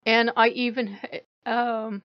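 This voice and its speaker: A woman's voice: on the high side, flat delivery, slow pace, no room sound. A woman ranting in a casual vlog, swearing a lot and sounding fed up. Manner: profane, exasperated venting. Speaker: vlogger. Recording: dull lo-fi sound.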